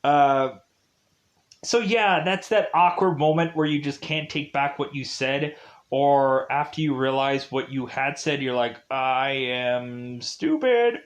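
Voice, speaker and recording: A man's voice: on the high side, steady tone, unhurried. A man giving a casual, rambling film review, full of "like" and "uh". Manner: rambling, heavy use of "like" and "uh".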